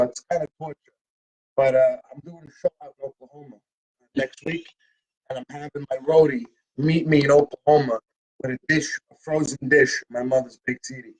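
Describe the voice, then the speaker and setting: A man's voice: medium pitch, fairly even intonation, a little fast, rough recording. A man from Long Island, a singer, chatting and joking as a podcast guest. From Long Island, New York. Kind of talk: casual chat.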